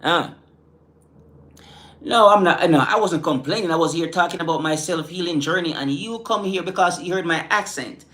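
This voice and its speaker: With a sharp, higher-pitched voice at a moderate pace, a middle-aged man from the Caribbean islands chats casually with his livestream viewers. He's relaxed, speaks with an island accent, and keeps dropping "man" and "you know."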